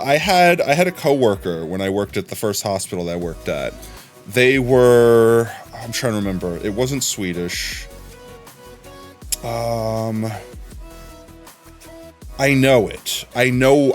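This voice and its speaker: Guy streamer rambling on, super lively up-and-down voice, faint music under it. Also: mid-range voice, unhurried. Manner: rambling, chatty, laughs often. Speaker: live streamer. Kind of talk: casual live-stream chat.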